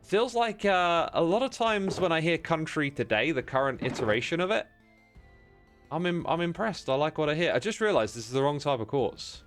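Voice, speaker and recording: A man with a hoarse voice chatting casually to his livestream chat while building in a game, rambling and greeting viewers by name. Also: on the high side, animated, normal speed, soft background music. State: hoarse from festival screaming.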